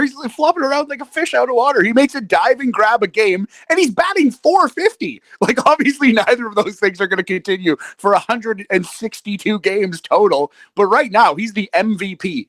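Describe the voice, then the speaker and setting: A man with a slightly high voice co-hosts a casual sports podcast, laughing often and joking with a loose, profane ease. The sound is dry and close to the mic, with no room around it. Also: fairly bright tone, no room sound. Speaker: podcast co-host.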